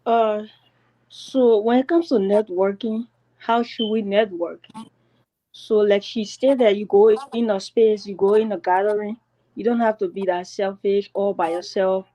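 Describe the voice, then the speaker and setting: A woman on a discussion panel, giving steady advice with a few fillers. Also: medium pitch, a little slow, poor audio.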